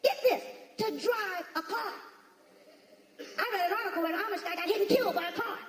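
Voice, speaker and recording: Woman doing stand-up, high voice, echoey hall, crowd laughing. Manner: punchy, storytelling delivery with quick asides to the audience. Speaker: stand-up comedian. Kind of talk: stand-up comedy routine. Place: large comedy theater stage. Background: audience laughter.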